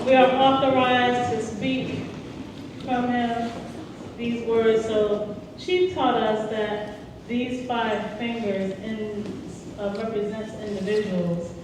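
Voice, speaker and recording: A woman's voice: on the high side, steady tone, slow pace, noisy background. A woman leading a group ritual at a community gathering, rousing the crowd with sing-song calls. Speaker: ceremony leader. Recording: echoey hall, distant mic, music behind.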